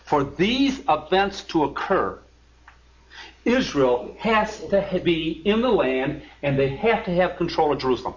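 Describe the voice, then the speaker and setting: A man's voice: fairly high pitch, big pitch swings, measured pace. A man teaching a Bible study, reading scripture aloud and breaking in with emphatic asides. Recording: lo-fi recording.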